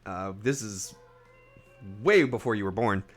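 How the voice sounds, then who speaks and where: A man's voice: fairly low pitch, a little slow, faint music behind. A man in his thirties, chatting casually and teasingly while streaming a game, laughing often.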